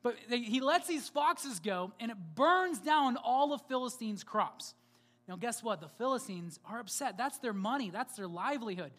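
A woman's voice: a little high, lively intonation, normal speed, a bit bright. Woman preacher, casual storytelling sermon, lots of rhetorical asides.

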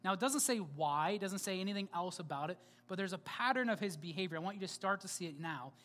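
A woman's voice: on the low side, lively intonation, quick pace, fairly bright tone, faint music behind. A woman preacher delivering a sermon in a conversational, storytelling way, with rhetorical questions and asides to the congregation.

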